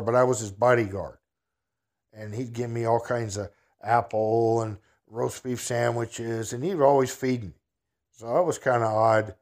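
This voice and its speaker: A man's voice: mid-range voice, normal speed, a little mellow. A man telling a casual personal anecdote in a folksy, rambling way, chuckling at his own story.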